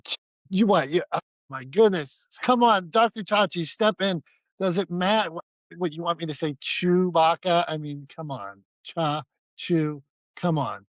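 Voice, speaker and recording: Man, high voice, playful banter, podcast co-host, dry dull lo-fi sound. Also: unhurried, no room sound. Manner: playful, self-mocking joking.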